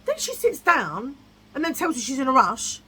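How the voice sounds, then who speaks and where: A woman's voice: high-pitched, wildly swooping pitch, moderate pace, sharp tone, slight background noise, low-quality recording. A woman vlogging in a blunt, chatty way, repeating herself for emphasis. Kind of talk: casual chat.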